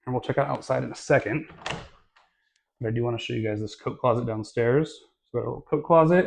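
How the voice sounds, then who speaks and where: A man films a walkthrough of a new house, holding the camera himself as he moves from room to room. He talks in a relaxed, chatty way, full of fillers and little self-corrections. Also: medium pitch, fast, gravelly, slight background noise. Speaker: real estate vlogger. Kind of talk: casual home tour walkthrough. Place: inside a new house, walking through rooms. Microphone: handheld camera mic.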